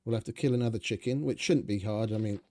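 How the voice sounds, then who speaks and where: A man's voice: on the low side, fast, warm tone. A young man giving rambling, sarcastic, swearing commentary over his gameplay. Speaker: gaming channel host.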